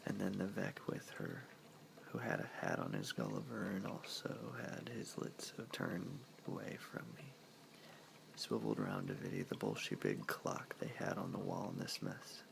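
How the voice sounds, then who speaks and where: A man reading a novel chapter aloud as a whispered ASMR reading, in a soft, slow whisper. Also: rumbling low, big pitch swings, gravelly, background noise. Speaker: reader.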